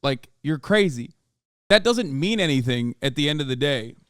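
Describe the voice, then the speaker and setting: A man streaming his reaction to a video, excitable and rambling and swearing a lot. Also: a little high, normal speed, clear, resonant tone, no room sound, clean studio sound. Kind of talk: casual reaction commentary.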